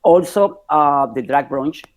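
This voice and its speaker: A man, a drag performer, chatting in an interview in a halting, soft-spoken way. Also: on the high side, expressive, rough recording. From Cuba. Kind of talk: casual interview chat.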